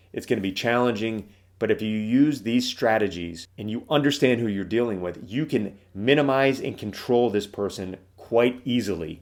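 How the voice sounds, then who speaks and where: Low-voiced man giving emphatic advice. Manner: emphatic, direct, matter-of-fact. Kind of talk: instructional talk.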